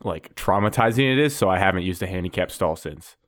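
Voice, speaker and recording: A man's voice: low voice, lively intonation, a little fast, dry recording, clean studio sound. Laid-back young male podcast host. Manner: laid-back, asks questions, fillers like "like". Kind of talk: casual chat.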